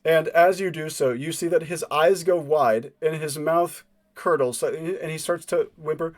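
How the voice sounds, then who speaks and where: A man narrating a tabletop game as game master, describing scenes in a measured way. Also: on the high side, steady tone.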